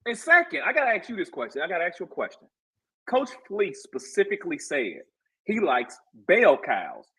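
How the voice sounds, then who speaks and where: A man with a high, husky voice talks football on a casual podcast, and his pitch swings up and down as he gets heated. He is passionate and says his points again and again to make them land. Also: normal speed, low-quality recording. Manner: impassioned, animated, repeats himself for emphasis. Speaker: guest co-host. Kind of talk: casual sports podcast debate.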